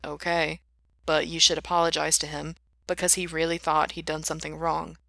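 A calm, matter-of-fact young man with a dry, teasing patience, as a woman reading aloud plays him. The low voice stays bright. The recording is dry and close. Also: moderate pace, vocal fry, no echo.

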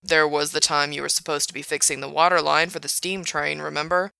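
A woman's voice: low voice, a little fast, creaky, no room sound, heavily acted. Woman reading as a blunt, teasing buddy. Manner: mocking, deadpan teasing. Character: blunt teasing young man, laid-back buddy.

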